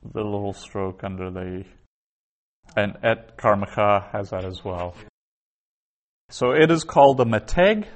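A man teaching a class, explaining reading points patiently and methodically, with small restarts. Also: mid-range voice.

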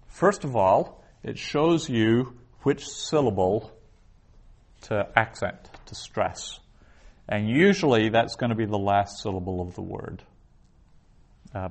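A man teaching a class, explaining step by step in a patient way, with frequent pauses and restarts. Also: fairly low pitch. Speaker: Hebrew teacher. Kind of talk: classroom lecture.

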